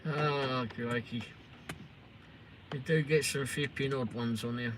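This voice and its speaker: A man's voice: mid-range voice, steady tone, slow, pauses often, a bit bright. A middle-aged English man hosting a live stream, chatting casually and sarcastically with viewers and teasing trolls. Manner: sarcastic, swears and teases trolls. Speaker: livestream host. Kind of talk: casual chat replying to live comments. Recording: noisy live stream audio.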